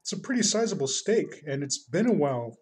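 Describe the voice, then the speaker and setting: Laid-back husky-voiced man rambling. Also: a little high, very animated, fairly quick, a little mellow. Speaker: streamer. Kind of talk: casual chat while drawing on stream.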